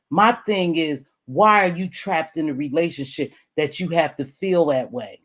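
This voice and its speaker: Blunt, animated middle-aged woman commentator. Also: measured pace, few pauses. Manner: blunt and animated, swings high and loud when making a point; calls the listener "baby", curses freely. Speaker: YouTube commentator. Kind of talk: direct-address commentary vlog.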